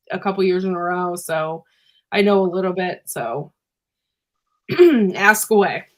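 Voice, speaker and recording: A woman hosting a casual livestream. She rambles with many fillers and keeps clearing her throat, which is irritated by pepper fumes. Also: medium pitch, a bit bright. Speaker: livestream host and homesteader. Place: indoors at home.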